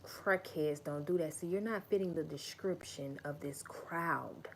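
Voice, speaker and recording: A woman's voice: low voice, measured pace, creaky, a little hiss or hum. A woman hosting a livestream, giving an emphatic, profane and repetitive motivational talk. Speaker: livestream host.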